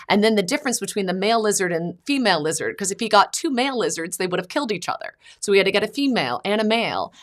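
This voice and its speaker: Chatty woman podcast host. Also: mid-range voice. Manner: chatty storytelling, quotes her son and mother in lively bursts. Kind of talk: casual chat.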